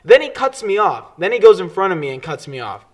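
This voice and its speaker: A young man co-hosting a podcast in casual chat, telling stories with lively energy and yelling when quoting others. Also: high-pitched, a little fast. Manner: animated storytelling, yells when quoting others. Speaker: podcast co-host. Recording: clipping on loud moments.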